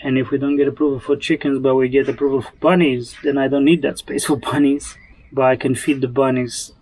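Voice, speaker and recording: A man's voice: mid-range voice, level tone, fairly quick, darkish tone, no echo, poor audio. A man talking casually while sowing seeds in his garden, chatty and self-mocking, rambling as he goes. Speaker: homesteader vlogger.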